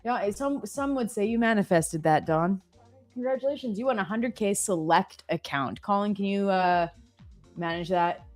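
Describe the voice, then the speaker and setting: A woman's voice: mid-range voice, animated, normal speed, faint music behind. A woman in her thirties co-hosting a live stream, chatting casually and telling funny family stories with frequent laughter. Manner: chatty storyteller, laughs often. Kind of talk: casual chat.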